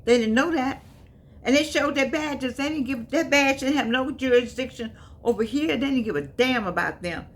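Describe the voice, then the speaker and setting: An older woman gives folksy, emphatic, preachy commentary, sometimes jumping into high exclamations. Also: normal speed. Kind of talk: casual spoken commentary.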